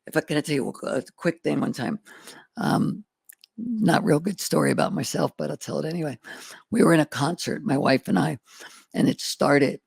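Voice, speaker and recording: A man's voice: on the high side, moderate pace, gravelly, husky, no echo. A middle-aged man telling life stories in an interview, earnest and folksy, acting out past conversations. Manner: earnest, folksy, retells exchanges in quotes. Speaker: guest entrepreneur. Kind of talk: candid storytelling interview.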